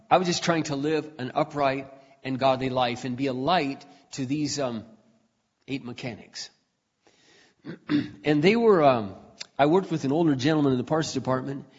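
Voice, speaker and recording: A man preaching a personal testimony in a conversational storytelling way, often clearing his throat, recorded dull in a reverberant hall. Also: mid-range voice.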